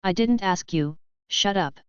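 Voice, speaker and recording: A woman's voice: lowish voice, measured pace, clear, resonant tone, dry recording, dull audio, close to an everyday voice. A woman reading the lines of a cold, blunt young man in an audiobook, curt and offhand.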